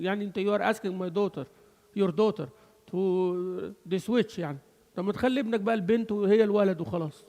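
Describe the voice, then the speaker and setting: Animated man teaching in an echoing mosque. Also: high-pitched, racing. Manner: animated, switching between English and Arabic, laughing asides. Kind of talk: mosque lesson. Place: mosque hall.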